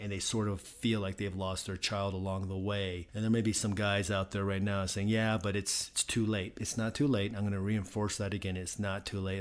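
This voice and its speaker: A man talks on a podcast in an emphatic, pastoral way, often repeating himself to drive a point home. His voice is on the low side. He speaks directly to the men listening. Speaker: podcast co-host, company founder. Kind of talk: casual podcast conversation.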